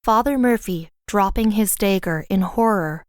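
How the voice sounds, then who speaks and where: A woman narrating a fantasy audiobook in the first person, with a smooth, clear reading voice. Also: mid-range voice, normal speed, no echo, clean studio sound.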